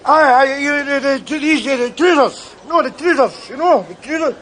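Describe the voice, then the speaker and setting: A man's voice: very high-pitched, normal speed, a bit bright, slight background noise. An actor playing a boastful Glaswegian man on holiday, chatty and laughing in a sitcom. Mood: cheeky. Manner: boastful, chatty, laughing, full of "you know" and "eh". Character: cocky Glasgow man on a sunny holiday. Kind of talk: sitcom acting.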